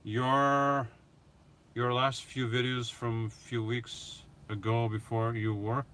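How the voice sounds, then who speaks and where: A middle-aged man livestreams from his van on his phone, hosting a casual Q&A as a vlogger. He reads viewer comments aloud and answers them in a smooth, slightly bright voice of medium pitch. His delivery is slow and fairly flat in intonation.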